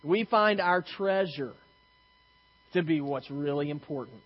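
A man preaches to his congregation in an easy, talkative way, poking fun at himself and stumbling over restarts as he tells stories. His voice sits a little high. The recording sounds dull and lo-fi. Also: lively intonation, unhurried. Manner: conversational, self-deprecating storytelling with frequent restarts. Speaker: pastor. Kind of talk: sermon.

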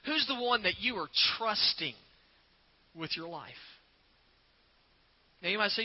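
A man preaching a sermon as a pastor, earnest and repetitive, slowing down to stress his points. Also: sits high, expressive, dull audio. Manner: earnest, repeats words, slows for emphasis.

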